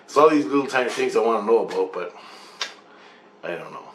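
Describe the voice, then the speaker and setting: A man's voice: lowish voice, lively intonation, fairly quick, fairly bright tone, a little hiss or hum. A man vlogging, telling a dream story in a loose, profane, meandering way. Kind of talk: rambling casual storytelling. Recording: echoey room with faint ambience.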